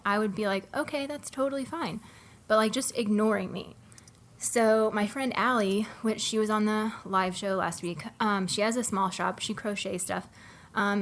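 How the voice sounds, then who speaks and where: A young woman co-hosting a podcast, telling a long story in a casual, animated way with many fillers. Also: medium pitch. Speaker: podcast co-host. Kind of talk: casual chat.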